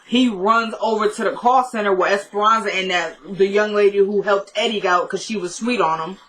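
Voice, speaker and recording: Chatty woman recapping with a bright voice. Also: medium pitch, a little fast, a little hiss or hum, rough recording. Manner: chatty retelling that acts out the characters' dialogue; blunt asides with mild swearing. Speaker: vlogger recapping a TV episode. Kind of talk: casual episode recap.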